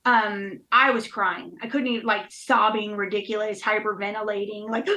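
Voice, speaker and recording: A woman's voice: mid-range voice, fairly even intonation, normal speed, sharp tone, poor audio. A woman in her thirties speaking candidly and emotionally in casual chat, with many fillers. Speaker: guest.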